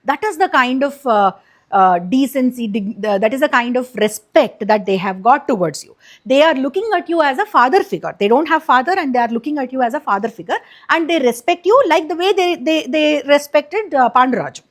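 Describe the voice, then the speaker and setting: A woman's voice: high-pitched, animated, a little fast. A woman casually retelling an epic for kids, chatty and explanatory, with many fillers and restarts. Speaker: storyteller, channel host.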